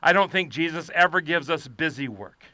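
A man preaching a sermon, rising to shouted fervor and dropping to quiet, low confiding. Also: lively intonation, moderate pace, no echo. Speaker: pastor.

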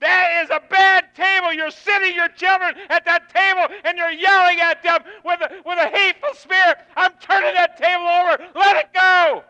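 High, bright-voiced divine figure voiced by a male preacher; booming commands; lo-fi sound. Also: steady tone, moderate pace, few pauses, big-room sound, exaggerated voice. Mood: stern. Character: Jesus speaking to a believer, a commanding and tender man.

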